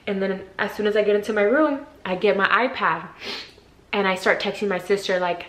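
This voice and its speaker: Young woman vlogger in a casual storytime: chatty, heavy on "like," jumps loud when she acts out quotes. Mid-pitched voice in an echoey room. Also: moderate pace. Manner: chatty, frequent "like" fillers; acts out quotes with sudden shifts in loudness. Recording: roomy echo.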